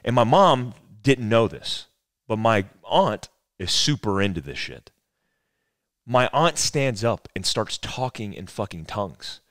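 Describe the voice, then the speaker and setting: A man's voice: fairly low pitch, big pitch swings, a little slow, fairly bright tone, dry recording, clean studio sound. A man in his forties, a former soldier, telling a rambling, profane story as a podcast guest. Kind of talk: casual storytelling conversation.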